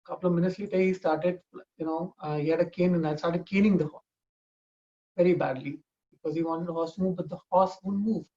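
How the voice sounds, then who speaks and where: A man's voice: sits high, fairly even intonation, fairly quick, mellow, highs cut off. A man telling a family story informally, talking conversationally with frequent restarts.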